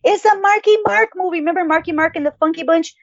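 A woman's voice: extremely high pitch, quick pace, no echo. Woman co-host, casual and rambly, swears freely; dull lo-fi sound, dry. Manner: profane, animated, rambling. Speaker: podcast co-host. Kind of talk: casual chat.

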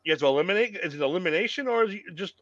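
A man's voice: high-pitched, lively intonation, racing, fairly bright tone, dry recording. Man, podcast co-host, casual rambling chat, swears freely, dry muffled recording. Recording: dull lo-fi sound.

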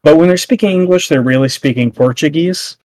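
A man's voice: a little high, brisk, a little mellow, no room sound. Rambling casual man podcaster. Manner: rambling, full of fillers and restarts. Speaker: podcast co-host. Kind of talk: casual chat.

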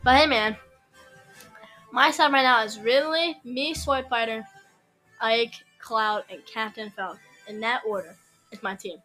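High, bright-voiced woman trash-talking over a game. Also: unhurried, faint music behind, low-quality recording. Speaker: streamer. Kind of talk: casual gaming commentary.

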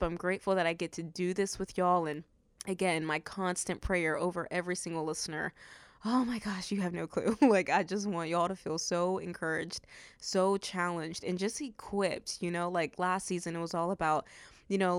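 A woman's voice: lowish voice, smooth, no echo. A woman hosting a faith-based podcast, talking earnestly and effusively to her listeners with plenty of fillers. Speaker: podcast host.

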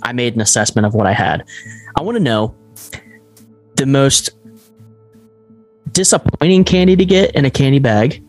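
A young man co-hosting a podcast, talking casually and jokingly, his voice jumping up when he gets excited. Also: moderate pace, long pauses, faint music behind. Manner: animated, jokey, pitch jumps up when excited. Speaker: podcast co-host. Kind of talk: casual chat.

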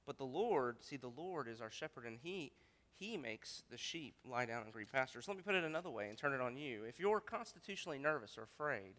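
A man's voice: mid-range voice, expressive, brisk, a bit bright. A male pastor preaching a sermon, earnest and thinking aloud with frequent restarts. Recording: long hall reverb.

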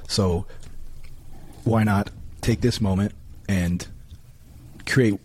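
Husky low-voiced podcast host. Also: male voice, extremely slow. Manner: relaxed, affirming, thinks aloud. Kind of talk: casual podcast chat.

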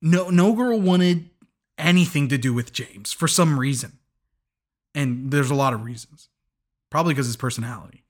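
A man's voice: fairly high pitch, normal speed. Rambling, chuckling young male podcaster. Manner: rambling, chuckling, lots of restarts and asides. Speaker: podcast host. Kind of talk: casual podcast recap.

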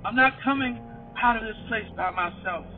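High-voiced man preaching over phone-like audio. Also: moderate pace. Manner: rising to shouted, tearful worship cries and tongues. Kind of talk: sermon. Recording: tinny phone-like sound with music behind.

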